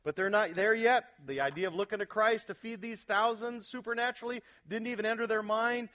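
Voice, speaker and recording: A male pastor preaching an expository sermon in an animated, emphatic way, putting questions to his congregation. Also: high-pitched, brisk.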